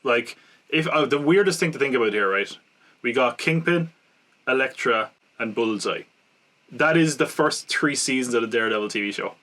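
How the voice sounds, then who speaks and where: A man's voice: medium pitch, animated, normal speed, fairly bright tone. A man co-hosting a podcast, chatting casually as he recaps a film plot in a rambling way, with fillers and self-corrections. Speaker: podcast co-host. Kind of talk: casual film-review chat.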